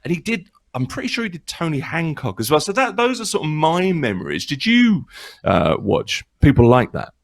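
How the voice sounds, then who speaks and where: A middle-aged man hosting an interview over a video call, relaxed and joking with his guest. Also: on the high side, moderate pace, vocal fry. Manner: relaxed, joking, lively intonation. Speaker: interview host. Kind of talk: casual interview chat.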